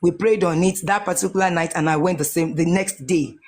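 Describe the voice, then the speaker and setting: A woman's voice: lowish voice, fairly even intonation, a little fast, darkish tone. Earnest Nigerian woman telling her story. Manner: earnest, repeats phrases, restarts often. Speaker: guest sharing a testimony. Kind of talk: emotional personal testimony.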